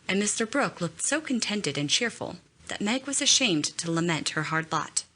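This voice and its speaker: A woman narrating a classic novel as an audiobook, reading in a measured, expressive way. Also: fairly low pitch. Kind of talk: scripted narration.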